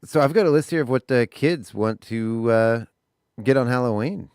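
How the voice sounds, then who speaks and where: A man's voice: mid-range voice, moderate pace, darkish tone, clear, resonant tone, no echo, clean studio sound. A man co-hosting a radio morning show, chatting in an easygoing, rambling way. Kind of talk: casual radio banter. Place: radio studio. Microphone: studio microphone.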